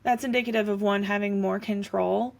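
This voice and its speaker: A woman's voice: medium pitch, steady tone, brisk, creaky. A woman co-hosting a podcast, chatting casually and thinking aloud with many fillers. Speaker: podcast co-host. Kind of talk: casual chat.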